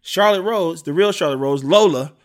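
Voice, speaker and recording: A man casually recapping a TV episode with a co-host, acting out the characters' lines in animated bursts. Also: on the high side, moderate pace. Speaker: podcast co-host recapping a TV show. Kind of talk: casual chat.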